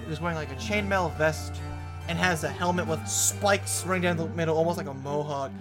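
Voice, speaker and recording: Casual, rambling game master man. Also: on the high side. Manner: casual, filler-heavy description. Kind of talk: narrating a tabletop game.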